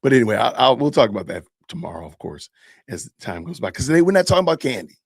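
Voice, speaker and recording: A man's voice: medium pitch, big pitch swings, fast talker, vocal fry, breathy edge, dry recording, studio quality. A middle-aged man hosting a live stream, chatting animatedly and laughing often as he reacts to videos. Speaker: podcast host. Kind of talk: live-stream commentary on body cam videos.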